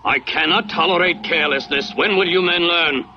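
A man's voice: fairly high pitch, normal speed, natural voice. A man playing a stern, formal scientist who captains a spaceship, in an old cartoon dub. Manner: commanding, formal. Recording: dull old dub with music.

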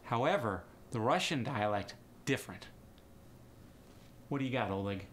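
A man's voice: mid-range voice, lively intonation, normal speed, long pauses, fairly bright tone, a little hiss or hum. A man hosting an instructional accent lesson in a jokey, teasing way. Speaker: accent coach and host.

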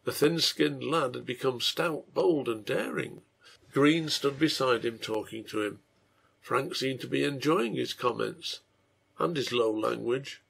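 Gravelly man reading a serial story. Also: mid-range voice, a little slow, a bit bright. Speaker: reader and translator.

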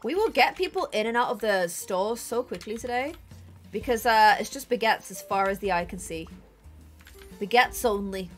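A woman's voice: mid-range voice, lively intonation, normal speed, soft background music. A woman streaming a game live, chatting bubbly with dramatic exclamations and thanking viewers. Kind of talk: live gameplay stream chat.

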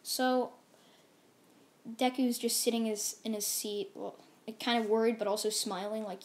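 A woman's voice: fairly high pitch, steady tone, measured pace, a little mellow. A woman casually narrating a fan-made story, rambling with many fillers and restarts.

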